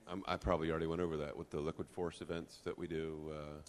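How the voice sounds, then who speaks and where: A man's voice: rumbling low, flat delivery, quick pace. A man on a panel speaking plainly and matter-of-factly.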